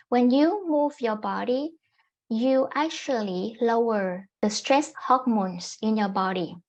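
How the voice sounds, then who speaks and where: A woman life coach giving calm, gently instructive self-help advice to camera, often repeating her points. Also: a little high.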